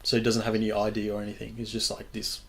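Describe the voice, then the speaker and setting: A young man with a lowish voice hosts a podcast in casual chat. He rambles loosely and swears freely as he goes. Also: monotone, fast, creaky, fairly bright tone. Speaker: podcast host.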